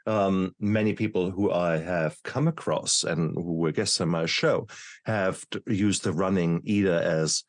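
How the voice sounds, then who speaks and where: A man's voice: deep voice, unhurried, dry recording. A man hosting a podcast, asking thoughtful, wandering questions. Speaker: podcast host. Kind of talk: interview questions.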